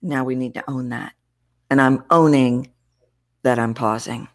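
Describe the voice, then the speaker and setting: Woman voice coach, very low pitch, expressive interview answers. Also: unhurried. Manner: expressive, demonstrates vocal variety while explaining. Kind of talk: interview conversation.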